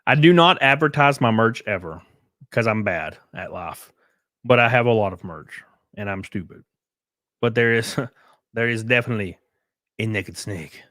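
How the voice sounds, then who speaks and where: A lowish, expressive voice from the Southern United States carries this casual live stream at normal speed, broken by long pauses. The tone is fairly bright, with no echo and clean studio sound. He rambles and jokes, reading out chat messages and thanking viewers.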